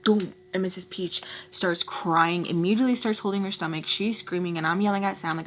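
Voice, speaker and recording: A woman's voice: lowish voice, brisk, few pauses, slight background noise. Chatty young woman telling a storytime. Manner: chatty, animated, frequent "like" and "y'all". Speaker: vlogger telling a storytime while doing makeup. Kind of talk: casual storytelling.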